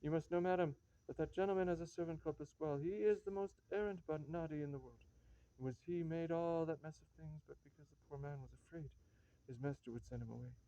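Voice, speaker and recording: A man's voice: a little high, fast, dark tone, natural voice. A man playing a chatty, scheming male servant who pleads and wheedles, in a reading of a stage comedy. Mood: wheedling. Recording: dull lo-fi recording.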